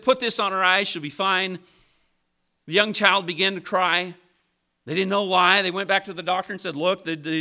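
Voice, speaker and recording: High, bright-voiced preacher man. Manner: preaching with emphatic rises and drops. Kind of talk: sermon.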